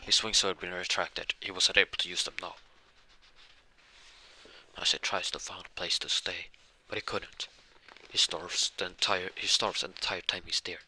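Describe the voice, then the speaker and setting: A man's voice: deep voice, level tone, moderate pace, sharp tone, breathy edge. A man improvising a fan-made story, rambling with frequent restarts and fillers. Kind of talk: improvised fan-fiction retelling.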